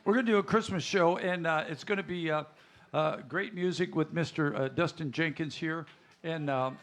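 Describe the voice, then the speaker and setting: A man's voice: on the high side, normal speed, a bit bright. A man hosting a live country music show, rambling through stage banter and a joke with many uhs. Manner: rambling, many uhs, chuckles at own jokes. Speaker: stage show host and emcee. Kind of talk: joking stage banter with audience.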